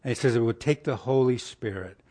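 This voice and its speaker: A man preaches briskly in a mid-range voice, keeping the sermon folksy and conversational. Rhetorical questions pepper his delivery, and tender parts bring his voice down to a soft hush.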